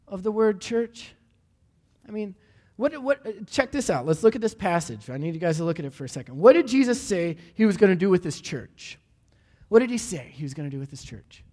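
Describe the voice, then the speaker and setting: A man preaching a sermon, animated and asking the room repeated questions, often stumbling over restarts. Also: fairly high pitch, a little fast. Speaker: pastor. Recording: hall reverb.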